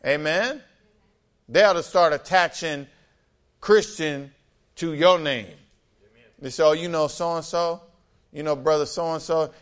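Man preaching with lively call-and-response. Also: fairly high pitch, measured pace, pauses often, clean tone. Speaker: pastor. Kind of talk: sermon.

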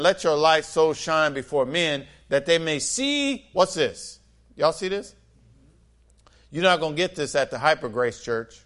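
Man preaching with lively call-and-response. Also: fairly high pitch. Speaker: pastor. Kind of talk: sermon.

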